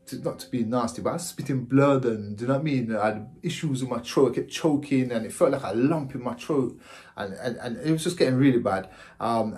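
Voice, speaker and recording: A man in his forties casually telling his own story to camera, repeating himself and often checking in with the listener. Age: 40s. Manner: animated, jumps into high exclaiming voices. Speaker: vlogger.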